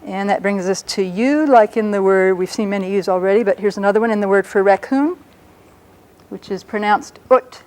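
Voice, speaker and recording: A woman lecturing on a language, talking patiently and slowing down to spell out and pronounce each word carefully. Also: mid-range voice, a little mellow, rough recording. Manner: patient, explanatory, slows down to pronounce words carefully. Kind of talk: educational lecture on a public-access show.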